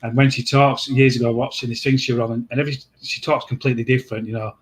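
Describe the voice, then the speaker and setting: Guy hosting a casual chat, rambles and restarts a lot, middle pitch. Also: little pitch movement, noisy background. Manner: rambling, halting, many restarts. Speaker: host.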